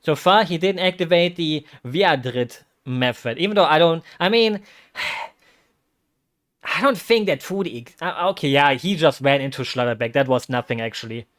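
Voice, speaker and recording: A man streaming as a vtuber, reacting live to a football match in a rambling, excitable way with bursts of loud exclamations. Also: fairly high pitch, normal speed.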